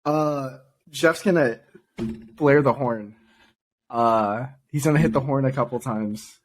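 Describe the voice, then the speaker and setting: Guy narrating his character in a tabletop game, casual, mid pitch. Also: takes it slowly. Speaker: player. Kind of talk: describing actions in a tabletop game.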